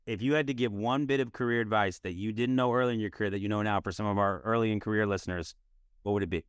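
This podcast host, a man in his thirties, has a clear, resonant voice on the low side with fairly even intonation. He chats with a guest in a casual interview, upbeat, enthusiastic and quick with his words. The studio sound is clean, with no echo.

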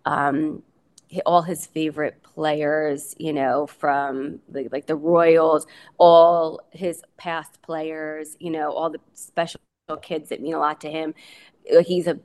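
A woman's voice: deep voice, darkish tone. A middle-aged woman, a guest on an interview podcast, talking casually in a rambling way with many fillers and restarts. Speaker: guest, coach's wife.

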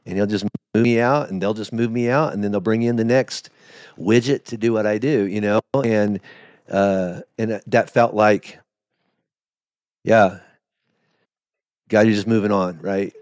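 A middle-aged pastor, appearing as a podcast guest, tells his story candidly and emotionally, like a confession, pausing when he reaches the hard parts. His voice is lowish and darkish, unhurried and fairly even in intonation, with no room sound.

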